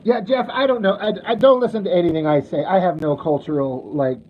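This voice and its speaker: A man's voice: sits high, fairly quick. A man chatting casually with his livestream viewers while sketching, rambling and poking fun at himself, chuckling at his own jokes. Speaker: livestreaming artist answering chat. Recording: tinny phone-like audio with faint noise.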